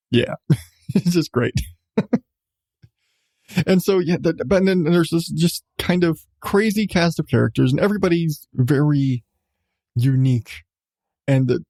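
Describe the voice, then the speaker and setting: A man's voice: mid-range voice, creaky, mellow, no echo, clean studio sound. A male podcast host in casual chat, enthusiastic about what he reviews, laughing often and restarting his sentences.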